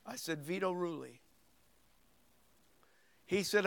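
A man in his sixties preaching, with a very high, smooth and clear voice. He tells a folksy story and acts out the voices in it, then builds into forceful preaching. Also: unhurried, long pauses. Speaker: pastor. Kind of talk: sermon with storytelling.

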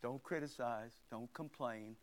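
A man preaching a sermon and reading scripture aloud, emphatic, swinging between loud outbursts and hushed asides. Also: mid-range voice, a little slow.

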